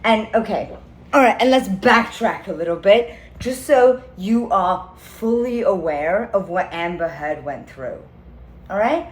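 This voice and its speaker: A mid-range, expressive female voice moves at a measured pace through a comic, rambling vent aimed at her viewers. Theatrical in delivery, she swears and leans on filler words, and the room sounds echoey with faint ambience.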